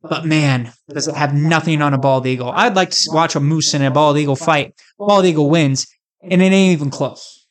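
A man's voice: fairly high pitch, moderate pace. A man from the United States, a vlogger, talking straight to camera in a hyped, rambling, jokey rant with crude asides. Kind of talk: casual comedic rant to camera.

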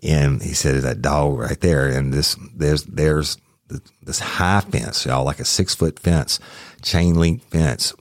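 A man's voice: a bass voice, takes it slowly, no echo, studio quality. A man tells a police story in a casual, rambling way, with restarts and swearing. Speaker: podcast host recounting a police case.

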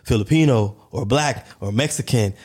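A man's voice: medium pitch, moderate pace, darkish tone, slightly rough. An American man co-hosting a podcast, explaining his view at length in casual discussion and asking rhetorical questions. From United States. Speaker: podcast co-host.

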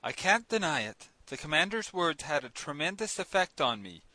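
Audiobook narrator: a man with a formal, earnest delivery, bright and high, in a close, dry recording. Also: sing-song, moderate pace, dry recording. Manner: formal, earnest, first-person telling. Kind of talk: scripted narration of a classic novel.

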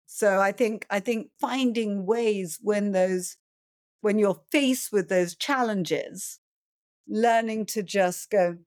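A middle-aged woman, a film producer, answering interview questions in a calm, reflective way, sometimes acting out a panicked voice. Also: mid-range voice, takes it slowly, no room sound, clean studio sound. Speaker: film producer and director, guest.

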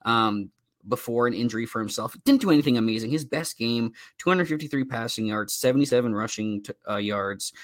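A man's voice: medium pitch, fairly quick, no room sound. A man co-hosting a casual fantasy football podcast, easygoing, rattling off stats with fillers and self-deprecating asides. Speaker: podcast co-host.

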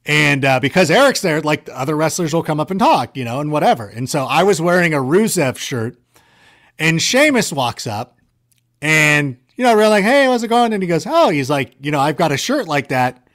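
A man chatting casually, spinning rambling, self-mocking stories. His voice sits a little high and jumps up whenever he acts out a line, then drops low when he trails off. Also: very animated, normal speed, fairly bright tone. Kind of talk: casual storytelling chat.

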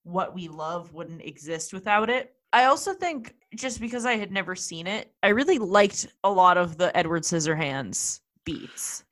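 A woman's voice: lowish voice, animated, moderate pace, hardly any pauses, fairly bright tone. A young woman co-hosting a movie podcast, wry and thoughtful with dry humor. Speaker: podcast co-host. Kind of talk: casual movie chat.

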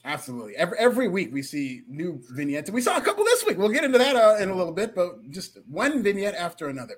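High-voiced, animated male podcaster. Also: quick pace, slightly rough. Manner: animated, joking, laughs often. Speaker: podcast co-host. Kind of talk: casual wrestling chat.

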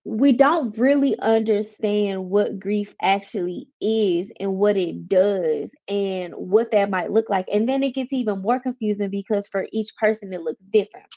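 A woman hosts a personal podcast in a candid, confiding way, now and then reading passages aloud from a book. Her voice sits at an ordinary middle pitch. The recording sounds a little dull and lo-fi. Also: a little slow, few pauses, dark tone. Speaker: podcast host. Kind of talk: casual personal podcast talk.

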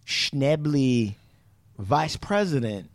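A man's voice: mid-range voice, animated, drawn-out words, dry recording. A man hosting a podcast, explaining things in a rambling, profane, casual way full of "like" and "you know". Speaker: podcast host. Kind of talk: casual chat.

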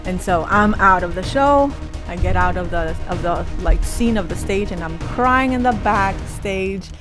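A woman's voice: medium pitch, lively intonation, measured pace, over music. A woman fashion designer telling the story of her career in a casual, chatty way, with lots of "like" fillers. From Los Angeles area.

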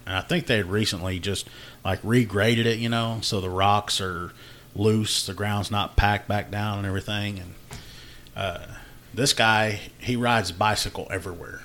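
A man's voice: fairly low pitch, steady tone, moderate pace, a bit bright, slight background noise. A man, hosting a casual podcast and telling a work story about a call-out, laughing often and acting out what people said. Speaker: podcast host, law enforcement officer.

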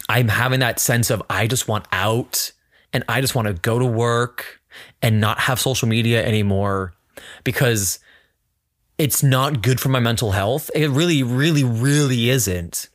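Speaking unhurriedly, this male podcast host has a medium-pitched, slightly bright voice as he chats casually, candid and emotional, fighting back tears. He's recorded on a studio microphone with studio-quality sound and no echo.

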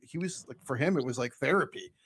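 A man's voice: medium pitch, expressive, fast, fairly bright tone, slightly rough, no echo, clean studio sound. A man co-hosting a casual film discussion podcast, chatty and loose, with frequent restarts and casual swearing. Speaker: podcast co-host.

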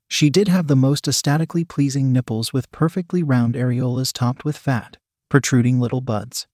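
A man reading an erotic story aloud in an even, measured way. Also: mid-range voice, husky, no room sound, clean studio sound. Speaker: narrator.

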